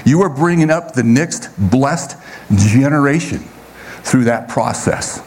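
A man's voice: medium pitch, a little slow, darkish tone, a little hiss or hum. Conversational male pastor preaching. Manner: conversational preaching, often checking in with "okay?". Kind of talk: sermon.

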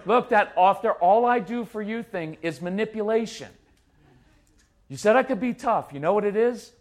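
A middle-aged man giving a live parenting talk to an audience, intense and animated, acting out parents and kids in quick put-on voices. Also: sits high. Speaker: parenting speaker.

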